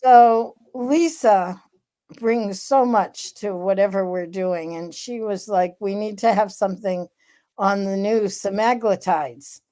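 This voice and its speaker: A woman co-hosting a candid podcast conversation, explaining in a measured, deliberate way with frequent fillers. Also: medium pitch, warm tone. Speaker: podcast co-host, researcher.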